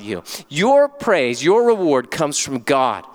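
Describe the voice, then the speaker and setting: A male pastor preaching a sermon, stacking short, forceful declarations and swinging between loud urging and low, slow emphasis. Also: big pitch swings.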